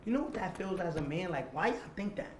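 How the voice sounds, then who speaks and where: A young man telling a personal story as a guest, animated and full of slang, acting out what others said. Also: high voice, fast talker, slight background noise. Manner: animated, acts out quoted dialogue, street slang. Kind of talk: confessional storytelling. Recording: roomy echo.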